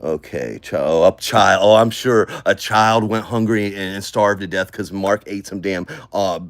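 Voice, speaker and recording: Brief: deep-voiced male vlogger, casual, mumbles while scrolling, flares into rants. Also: moderate pace, no room sound. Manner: muttering to himself, then ranting loudly. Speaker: online commentary vlogger. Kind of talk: rambling casual commentary while scrolling comments.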